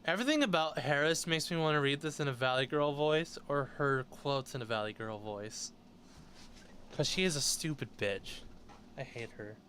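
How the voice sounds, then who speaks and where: A man's voice: a little high, moderate pace, a bit bright. A male host reads news stories aloud in a somewhat raised voice and cuts in with blunt, sarcastic remarks of his own. A faint hum of room noise sits under his voice. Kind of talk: news commentary, reading articles aloud.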